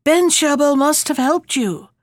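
A woman's voice: a little high, expressive, unhurried, dry recording, clean studio sound. A woman voicing a spiteful, vengeful old witch in a storybook reading, speaking in a menacing, threatening way. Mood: enraged.

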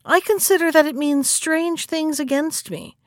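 A woman's voice: sits high, measured pace, no echo, studio quality, pitched above the performer's own voice. A woman reading the part of a furious, suspicious king who gives cruel orders in a stern, commanding way.

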